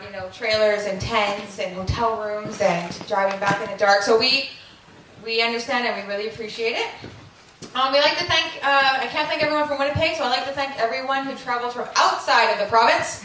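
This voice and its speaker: Her fairly high, sharp-toned voice carries a heartfelt wedding thank-you, broken up by frequent ums and little laughs from this young adult woman. Wedding guests murmur throughout the large reception hall, and the sound is very echoey, distant, and crowd-noisy.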